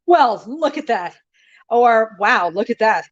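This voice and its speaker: A woman's voice: on the high side, expressive, takes it slowly, muffled recording. An American woman who is a guest on a podcast, chatting in a bubbly way, laughing easily as she guesses aloud. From United States. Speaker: guest, wrestling referee. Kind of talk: casual interview chat.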